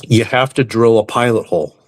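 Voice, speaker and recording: A man hosting a live stream, reading viewer comments aloud and answering them with deadpan, crude, mock-serious jokes. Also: medium pitch, fairly quick. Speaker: livestream host reading chat. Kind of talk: casual live-stream banter.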